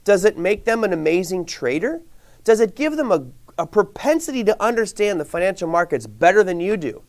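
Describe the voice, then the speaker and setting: A man leads a live online class, his voice bouncing up and down as he asks the audience rhetorical questions. He sits a little high in pitch and keeps a loose, conversational flow as he reads comments from the chat. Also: very animated, fairly quick. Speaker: trading instructor. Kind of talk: live webinar teaching.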